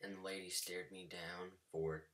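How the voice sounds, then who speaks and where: A man's voice: low-pitched, flat delivery, unhurried, a bit bright. A man telling a rambling story in a casual vlog, full of fillers and sudden whispered asides. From United States. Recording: voice a bit far from the mic, faint background noise.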